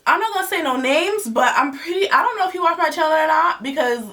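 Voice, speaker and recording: A woman's voice: high voice, animated, fast talker, bright, forceful tone, distant mic. A young woman vlogger chatting expressively to her viewers in a casual storytime, sounding congested from allergies.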